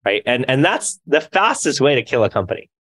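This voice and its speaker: A man's voice: mid-range voice, big pitch swings, a little fast, a bit bright. A man speaking as a founder guest in a podcast interview, reflective and earnest. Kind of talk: conversational interview.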